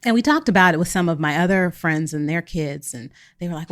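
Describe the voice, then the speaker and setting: Lively low-voiced woman telling a story. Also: a little fast, hardly any pauses. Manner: animated storyteller, acts out quotes. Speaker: podcast co-host. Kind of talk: casual storytelling chat.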